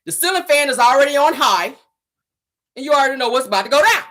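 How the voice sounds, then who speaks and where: A woman's voice: high-pitched, animated, quick pace, fairly bright tone. A woman hosting a casual celebrity gossip show, sassy and teasing, laughing often as she reacts to viewer comments. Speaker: show host.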